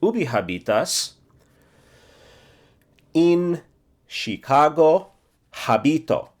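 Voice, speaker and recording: A man in his forties walks through a self-study language lesson, repeating phrases slowly and checking himself as he goes. His voice sits fairly low, and he thinks aloud between drills. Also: expressive. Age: 40s. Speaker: language teacher.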